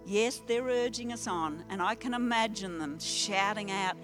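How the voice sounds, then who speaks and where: A woman's voice: mid-range voice, unhurried, fairly bright tone, soft background music. Earnest older woman preaching. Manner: earnest, exhorting. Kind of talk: sermon.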